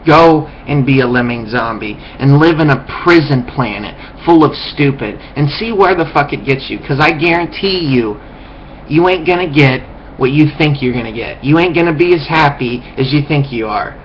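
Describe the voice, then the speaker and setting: A man's voice: medium pitch, normal speed, dull audio, slight background noise. A man delivering a profane, contemptuous ranting monologue as a vlogger, lecturing his viewers.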